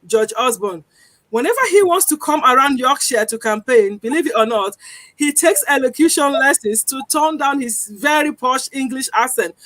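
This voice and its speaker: A woman with a high voice speaks as a guest on a television discussion. She explains earnestly and drives her points home by repeating them. The sound is close and dry. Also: fairly bright tone, dry recording. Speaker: guest campaigner.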